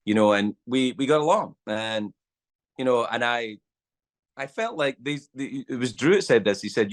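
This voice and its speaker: A middle-aged Scottish man spinning an anecdote with a lively voice that swoops up and down as he acts out the other people in it. His pitch sits in an ordinary middle register, and he talks loosely, swearing often, like a guest in relaxed conversation. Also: normal speed. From Scotland. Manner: animated storyteller, acts out quotes, swears freely. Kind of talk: casual storytelling chat.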